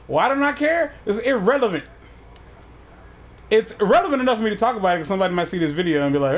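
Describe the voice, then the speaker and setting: A man's voice: sits high, lively intonation, quick pace. A man hosting a casual chat, talking in a profane, rambling way with many restarts. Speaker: podcast host.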